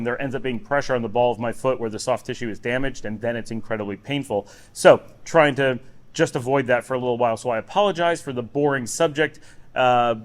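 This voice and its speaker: Man chatting casually in a daily vlog. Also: mid-range voice. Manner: relaxed, rambling, conversational. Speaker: vlogger. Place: home office. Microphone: recorder on a table.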